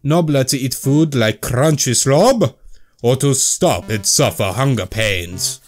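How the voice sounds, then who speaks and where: A man's voice: medium pitch, animated, unhurried, soft background music. A young man commentating a video game, who reads the inner thoughts in choppy broken grammar and swears casually while joking. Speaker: gamer playing and reading a game. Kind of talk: let's play commentary.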